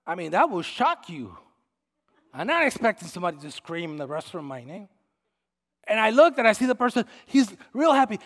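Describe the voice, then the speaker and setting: High-voiced preaching man in a hall. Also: animated, fairly quick. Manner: swings from shouted preaching to quiet storytelling. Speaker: pastor. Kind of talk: sermon. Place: church. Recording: long reverb of a church hall.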